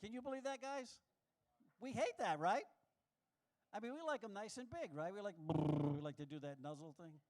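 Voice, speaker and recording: Brash high-voiced male stand-up comic. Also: lively intonation, moderate pace, long pauses, a little hiss or hum. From New York. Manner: brash, self-mocking punchline delivery. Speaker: stand-up comedian. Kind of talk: stand-up comedy set. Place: live comedy showroom with audience.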